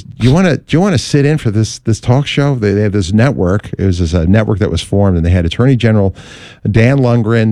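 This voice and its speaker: A middle-aged man, a talk radio host, telling his career story in an interview with lively storytelling and voiced quotes. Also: fairly low pitch, dry recording, clean studio sound.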